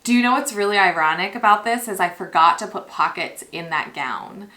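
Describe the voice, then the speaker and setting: A woman vlogging casually as she unboxes a gift, gushing and excitable, chatting with lots of fillers. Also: mid-range voice, a little fast. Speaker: costuming vlogger.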